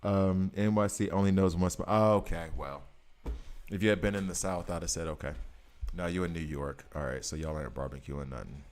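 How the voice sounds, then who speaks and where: He's a gaming streamer in his thirties, playing a mobile game and bantering casually with his chat. His deep, darkish voice holds a steady tone at a fairly quick pace.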